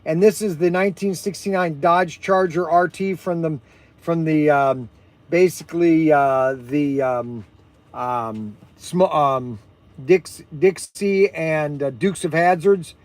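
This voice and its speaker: An energetic man hosts a casual livestream about his shop's products. His voice sits high, and he rambles with frequent fillers and self-corrections. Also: takes it slowly. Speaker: host and shop owner.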